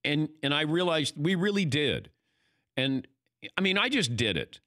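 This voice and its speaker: An older man hosts a casual talk show, his pitch swinging up and down as he tells stories. His voice is bright and forward, close and dry with no room sound. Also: unhurried, no echo. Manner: animated storytelling, acting out quoted lines. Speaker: host. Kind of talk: casual chat.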